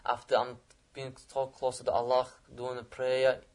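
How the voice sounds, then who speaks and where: Earnest man with flat, halting speech. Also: medium pitch. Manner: halting, searching for words, repeats phrases; earnest and emotional. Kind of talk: personal testimony.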